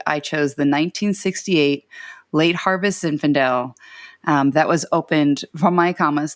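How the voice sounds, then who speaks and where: Woman, podcast producer, very low voice, chatty, laughs easily, dry close sound. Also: dry recording. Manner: chatty, laughs easily, uses many fillers. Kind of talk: casual podcast chat.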